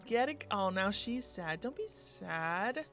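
A woman's voice: medium pitch, lively intonation, slow, over music. A young woman giving casual, chatty commentary on her own game play, often laughing and gasping as she goes. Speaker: gaming youtuber.

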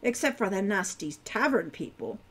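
A woman's voice: medium pitch, expressive, normal speed, fairly bright tone, breathy edge. A woman voicing a prim fourteen-year-old centaur farm girl who talks formally and avoids contractions.

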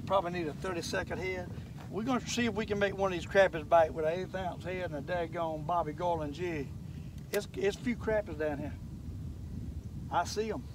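Older man, fishing vlog host; folksy, excitable, high-pitched, recorded on a lake with boat noise, mic at a distance. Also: a little fast. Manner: folksy, excitable, talks straight to viewers. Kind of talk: casual fishing vlog narration.

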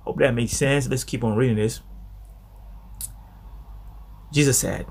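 A man teaching a devotional Bible study in an animated way, repeating phrases for emphasis. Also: mid-range voice, moderate pace, gravelly, pauses often, a little hiss or hum.

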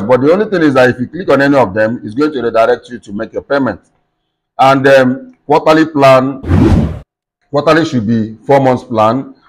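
Man, tutorial host, step-by-step software walkthrough, plain instructive talk, frequent fillers. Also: mid-range voice, poor audio. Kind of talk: screen-recorded software tutorial.

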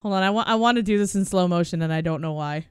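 A woman streamer giving excitable, exclamatory live gameplay commentary, swearing freely. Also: lowish voice, fast, a little hiss or hum.

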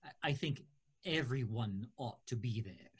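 Shy old builder guy, woman doing the voice, low and breathy, stammers a lot, radio play. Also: animated, a little slow, full character voice. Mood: gentle. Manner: hesitant, stammering. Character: gentle older male builder, shy and halting.

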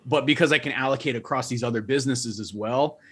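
A man with a mid-range, fairly bright voice and a breathy edge talks quickly as a guest on a casual panel. Defending ducks, he thoughtfully lays out his costs in a business-minded way, restarting often.

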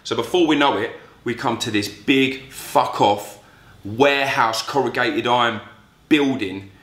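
Guy swearing through a story, bright punchy voice, roomy echo. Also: medium pitch. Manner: profane, blunt storytelling. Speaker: vlogger. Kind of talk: storytelling vlog.

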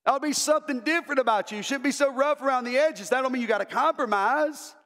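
Pastor guy preaching hard, high voice, stumbles and repeats, big reverby church. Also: quick pace, fairly bright tone. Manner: impassioned, repeats words, rises into emphatic calls. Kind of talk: sermon. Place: church sanctuary.

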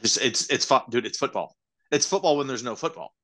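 A young man co-hosting a casual podcast, laid-back and jokey, tossing out quick asides. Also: mid-range voice, expressive, fairly bright tone. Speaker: podcast co-host. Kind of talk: casual chat.

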